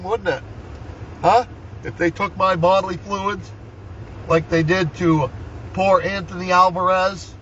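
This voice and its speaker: A man's voice: high-pitched, fairly bright tone, highs cut off, a little hiss or hum. An older man vlogging from inside a vehicle, telling his story in a heated, swearing rant and often asking "right?". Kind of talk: angry personal rant.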